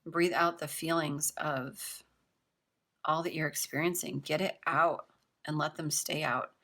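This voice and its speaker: A woman's voice: sits low, fairly even intonation, a little slow, pushed and bright. A young woman giving a casual tarot reading, chatty and reassuring, with lots of filler words. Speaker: tarot reader.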